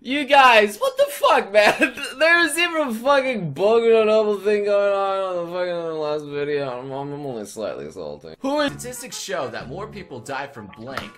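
A man hosting a reaction video, excitable and loud, swearing often and protesting. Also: high voice, normal speed, few pauses, soft background music. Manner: excitable, swears a lot, laughs and protests loudly. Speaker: host reacting to fan videos. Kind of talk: reaction commentary.

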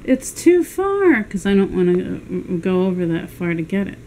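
A woman at home, chatting casually about her cat and calling out commands in a high sing-song. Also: level tone, a little fast, a little mellow, a little hiss or hum, rough recording. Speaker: cat owner filming her pet. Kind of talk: casual narration to camera while playing with a pet. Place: indoors at home. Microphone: handheld camera at floor level.

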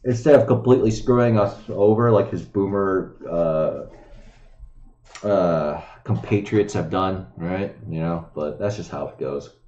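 A man's voice: low-pitched, unhurried, warm tone, reverberant, muffled recording, slight background noise. A man hosting a casual commentary show, reading crypto news aloud and ranting about it with sarcasm, swearing and many fillers.

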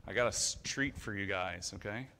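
A man's voice: fairly low pitch, steady tone, a little fast, creaky, sharp tone, slight background noise. A man leading a children's message in church, joking and teasing with the kids in a playful way.

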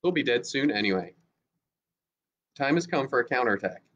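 A man's voice: mid-range voice, expressive, a little fast, fairly bright tone, lightly acted. A man voicing a harsh, fanatical army lieutenant who barks orders, in a dull lo-fi storybook reading. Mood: commanding. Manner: barking orders. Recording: dull lo-fi recording.

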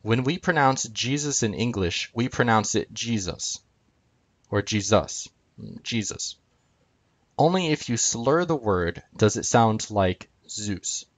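A man's voice: mid-range voice, lively intonation, measured pace, few pauses, no room sound. A man teaching from a chart on screen, talking unscripted with frequent ums and uhs as he walks through each item. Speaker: video lecturer.

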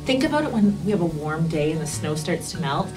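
A woman teaching Sunday school, telling a Bible story to children expressively, slowing for emphasis and dropping to whispers. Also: deep voice, big pitch swings, music in the background, poor audio.

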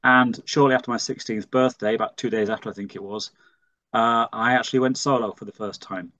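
Recorded with a muffled sound, this middle-aged man from Leeds, England speaks in a medium-pitched, steady, fairly bright voice at a fairly quick pace. Interviewed as a pilot and flight instructor, he tells vivid stories and performs the dialogue within them.

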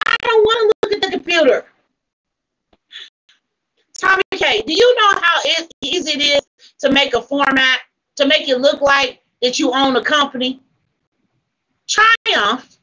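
A woman runs a livestream panel and keeps pressing a guest with blunt, profane demands. Her voice sits high and sounds bright and sharp. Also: lively intonation, unhurried, pauses often, poor audio. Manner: confrontational, swearing, repeating demands. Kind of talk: heated livestream argument.

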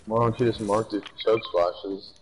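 A man's voice: on the low side, steady tone, measured pace. Laid-back gamer man, noisy capture. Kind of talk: casual gaming chat over voice chat.

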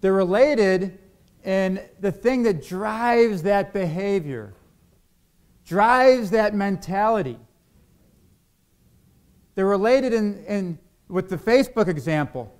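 A man's voice: high voice, animated, slow pace, long pauses, darkish tone, smooth. Man preaching with questions to the hearers. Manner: asks the congregation questions, acts out quoted arguments. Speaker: pastor. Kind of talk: sermon.

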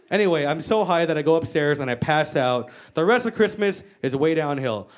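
A woman's voice: low-pitched, expressive, brisk, hardly any pauses, a little hiss or hum. A woman performing stand-up comedy in a brash, profane storytelling style with acted-out quotes, speaking into a handheld mic on stage. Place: stage before a live audience.

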